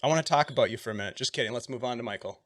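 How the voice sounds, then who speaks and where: A man hosting a live tabletop game stream, playful and gushing with praise. His voice sits at an ordinary middle pitch. He jokes freely between introductions. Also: very fast, a bit bright. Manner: playful, effusive, joking. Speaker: game master and host.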